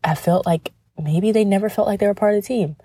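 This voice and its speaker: A woman's voice: mid-range voice, a little fast, warm tone, slightly rough, no room sound, clean studio sound. A woman hosting a podcast, a former professional cheerleader talking casually and chattily, speaking right to the listener. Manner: chatty, addressing the listener directly.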